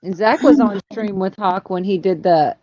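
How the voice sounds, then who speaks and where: A woman in casual livestream chat, chatty and quick to laugh, reading comments aloud. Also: mid-range voice, dark tone, muffled recording, a little hiss or hum.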